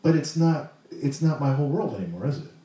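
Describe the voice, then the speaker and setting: A man's voice: a little high, animated, quick pace, mellow, heavy reverb, recorded from a distance, poor audio. A man preaching a sermon in a conversational way, asking the congregation questions as he goes. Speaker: pastor.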